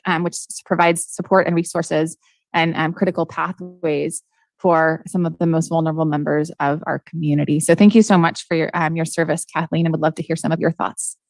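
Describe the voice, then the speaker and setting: A woman's voice: fairly low pitch, no echo. A woman chairing a county board meeting, paying an effusive, admiring tribute to a retiring colleague over a video call. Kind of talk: formal tribute at a public meeting.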